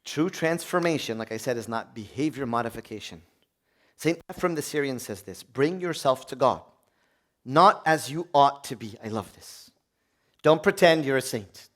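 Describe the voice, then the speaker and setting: Male priest, sermon, lively swooping pitch, fairly high voice, hushed prayers to loud exclamations, questions to the audience. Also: moderate pace. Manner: conversational, asks the audience questions.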